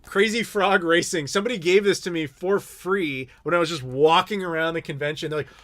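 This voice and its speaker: An American man from Chicago hosting a casual live chat, telling rambling, animated stories with laughs and the odd swear. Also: fairly high pitch, brisk. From Chicago, United States. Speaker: YouTube host answering live questions.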